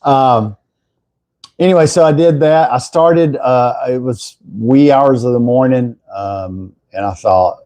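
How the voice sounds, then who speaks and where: A man's voice: mid-range voice, moderate pace, warm tone, dry recording, highs cut off. An older Texan man hosting a casual morning livestream, rambling through stories and thanking viewers by name. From Texas. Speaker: livestream host.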